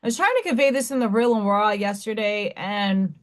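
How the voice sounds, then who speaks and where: Expressive and brisk, a middle-aged woman with a medium-pitched voice runs a casual livestream. She greets viewers by name as she chats with them in a loose, rambling fashion.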